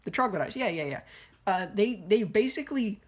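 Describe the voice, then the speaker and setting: A young woman with a husky, mid-range voice gives a casual, rambling movie review at a brisk, animated clip. She swears freely and fills her talk with fillers and restarts.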